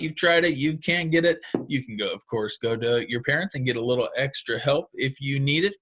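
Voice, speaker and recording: A man's voice: mid-range voice, fairly bright tone. A man teaching second graders a recorded phonics lesson, patient and encouraging, explaining step by step.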